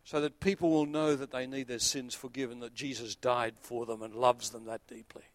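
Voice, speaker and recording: Earnest pastor preaching. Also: male voice, flat delivery, moderate pace, no echo. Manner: earnest preaching, rising to emphatic peaks then dropping low. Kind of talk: sermon.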